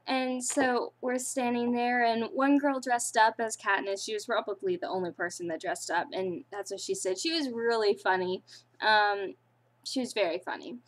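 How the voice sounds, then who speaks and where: Giggly high-voiced teenage girl. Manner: giggly, breaks into laughter often; rambling, with many fillers and restarts. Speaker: vlogger. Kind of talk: casual storytelling.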